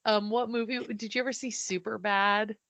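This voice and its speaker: A woman co-hosting a podcast in casual chat, with dry, teasing humor and quick asides, bringing up listener letters. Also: mid-range voice, steady tone, a bit bright, no echo. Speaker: podcast co-host.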